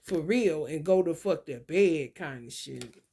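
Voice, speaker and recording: A woman's voice: low-pitched, expressive, measured pace, warm tone, husky. A woman who reads tarot, ranting in a casual spiritual vlog with blunt, emphatic and profane speech.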